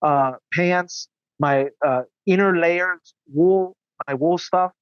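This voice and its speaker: A man's voice: sits high, clean tone, no room sound, muffled recording. A man as a podcast guest, recounting his story in an earnest, indignant way. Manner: earnest, indignant, quick asides. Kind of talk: casual interview storytelling.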